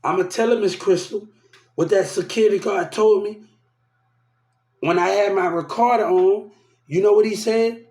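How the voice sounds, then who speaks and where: A man's voice: high voice, moderate pace, a little mellow. A man ranting heatedly about his mistreatment, repeating himself and quoting what others told him. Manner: repetitive, aggrieved, quoting others. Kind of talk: heated personal rant. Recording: echoey room.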